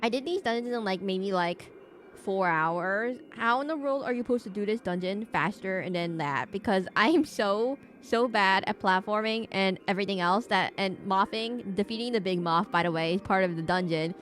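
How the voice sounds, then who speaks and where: A woman's voice: medium pitch, normal speed, slight background noise. Playfully dramatic woman streaming a game. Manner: animated, playfully overdramatic rants. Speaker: VTuber streamer. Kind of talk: casual game-stream commentary.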